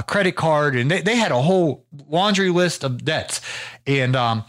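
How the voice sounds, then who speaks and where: This podcast host from the United States has a mid-range, fairly bright voice. He spins a story in a loose, rambling way, full of fillers and restarts.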